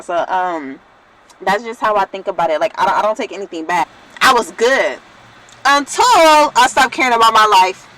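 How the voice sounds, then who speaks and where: A young adult woman talking casually to her viewers in a vlog, rambling, loose and excitable, with some swearing. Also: medium pitch, a little hiss or hum, rough recording. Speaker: vlogger.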